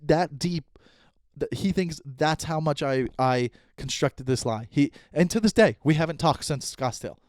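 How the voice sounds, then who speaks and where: A fired-up comedian talks into a close podcast mic, swearing freely and playing out both sides of a fight. His voice sits a bit high for a man. The sound is dry and close. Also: a little mellow, no echo. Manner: heated, swearing, acts out both sides of an argument. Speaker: podcast host and stand-up comedian. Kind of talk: casual solo podcast storytelling.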